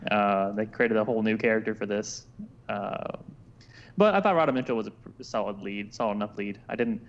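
A man's voice: lowish voice, brisk, dull audio. A man co-hosting a podcast, chatting casually and often restarting his sentences. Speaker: podcast co-host.

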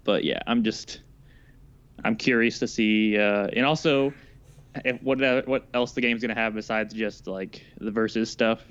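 Man, podcast co-host, smooth resonant voice, chatty and halting, slightly dull lo-fi sound. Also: lowish voice, steady tone, a bit bright. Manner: chatty, halting with fillers and restarts. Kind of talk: casual chat.

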